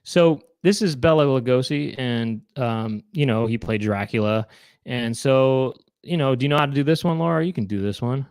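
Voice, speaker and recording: A man's voice: medium pitch, normal speed, darkish tone, clean tone, no room sound, studio quality. A man co-hosting a casual online chat show, trying out impressions and rambling with self-mocking asides. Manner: rambling, trails off and laughs at himself. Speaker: co-host.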